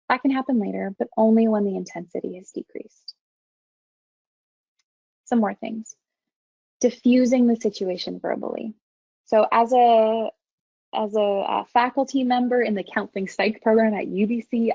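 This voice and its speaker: Calm, gravelly-voiced woman lecturing. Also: on the high side, no echo, dull audio. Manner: calm, measured, gentle delivery. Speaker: university counseling faculty presenting a webinar. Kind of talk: online training lecture.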